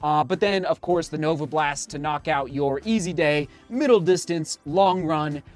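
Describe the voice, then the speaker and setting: A man's voice: on the high side, normal speed. A man running a vlog, opening shoe boxes in a hot studio, gasping and exclaiming, a little out of breath. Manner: exclaims and gasps a lot. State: slightly out of breath. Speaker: running vlogger. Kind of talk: excited unboxing vlog.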